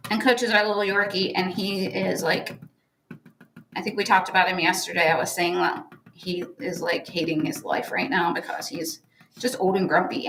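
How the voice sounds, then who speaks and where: A woman's voice: lowish voice, fairly bright tone, slight background noise, poor audio. A woman co-hosting a crafting livestream, chatting casually and laughing as she works, full of "like" and "oh my gosh.". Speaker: co-host of a stenciling livestream. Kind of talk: casual chat while crafting.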